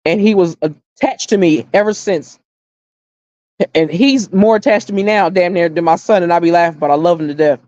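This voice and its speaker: In a dark, lowish voice at a moderate pace, a middle-aged woman hosts a casual livestream chat. She tells stories with blunt opinions, curses freely, and repeats her points for emphasis. The recording is muffled, with no room sound.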